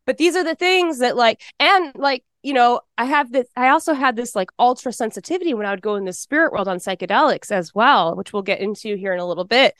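Woman in her 40s telling her story, emotional, talks fast, smooth slightly high voice, dry sound. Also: lively intonation, a bit bright, no echo. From Texas, US. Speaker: guest telling her testimony. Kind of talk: personal testimony in a podcast interview.

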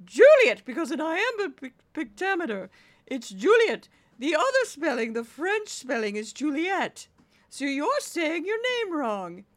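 A woman imitating a fussy older female voice teacher with a high, sing-song, affected voice. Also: very animated, unhurried. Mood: haughty.

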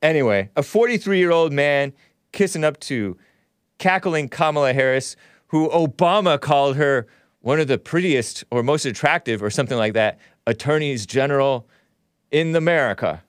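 A man's voice: on the high side, expressive, normal speed, clear, resonant tone, no echo, studio quality. A man hosting his own show, giving sarcastic commentary over news clips with mocking asides. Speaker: show host.

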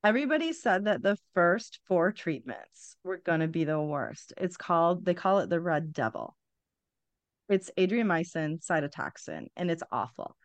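Blunt, animated middle-aged woman, dry sound. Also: lowish voice, moderate pace, no echo. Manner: blunt, animated, swears freely, laughs through hard memories. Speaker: podcast guest. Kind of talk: candid conversational storytelling.

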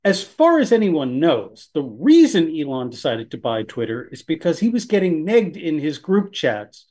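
A man co-hosting a political podcast, talking in a sarcastic, animated way with jokey asides. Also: fairly high pitch, moderate pace. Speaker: podcast co-host. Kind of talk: casual political podcast chat.

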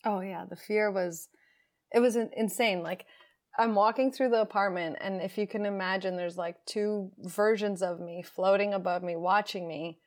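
A woman's voice: mid-range voice, fairly even intonation, normal speed, a little mellow. A young adult woman, a podcast guest, candidly telling a personal story and acting out her inner voices with emotion.

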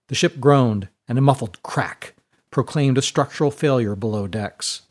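A man narrating a serialized adventure story in a calm, measured way. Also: medium pitch.

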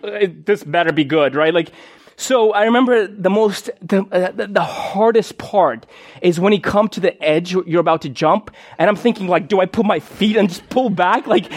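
Casting: young male preacher, high voice, loose conversational sermon full of "you know" and "right?". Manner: casual, chatty, many fillers and restarts. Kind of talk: live sermon with personal story.

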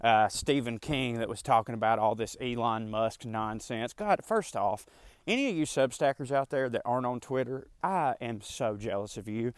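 A man's voice: mid-range voice, normal speed, clean tone, no echo. A man talks through a loose, rambling rant while jogging outdoors, his breath a little short. His voice sits in an ordinary middle register and comes across dry, with no room sound around it. He drifts through fillers and side remarks like a casual podcast host. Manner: rambling, conversational, frequent fillers and asides. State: slightly out of breath from running. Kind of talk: casual ranting monologue.

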